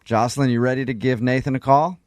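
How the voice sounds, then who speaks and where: Radio guy, quick and blunt, teases people, dry close mic. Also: medium pitch, fairly even intonation, no room sound. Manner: blunt, teasing. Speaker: radio morning show host. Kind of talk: morning radio banter.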